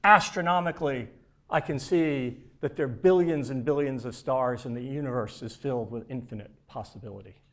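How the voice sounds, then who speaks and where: A man's voice: medium pitch, fairly quick, voice pushed down, close to an everyday voice. A man voicing an eager, self-important male sidekick who talks in pompous, showy phrases, as part of a joke. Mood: showing off.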